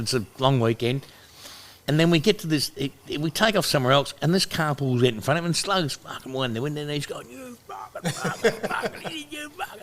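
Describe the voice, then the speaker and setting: A man's voice: a little high, fairly bright tone. Swearing Australian man telling stories. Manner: rambling, swears a lot, acts out quotes. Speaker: podcast co-host. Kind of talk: casual storytelling chat.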